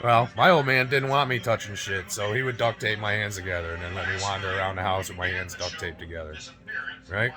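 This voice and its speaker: A man's voice: on the low side, fairly even intonation, brisk, poor audio. A man in his forties telling a painful personal story to camera, emotional and near tears, swearing freely and often tagging his sentences with "right?" and "you know?". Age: 40s. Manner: raw, profane, keeps adding "right?" and "you know?". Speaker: fitness vlogger. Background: music.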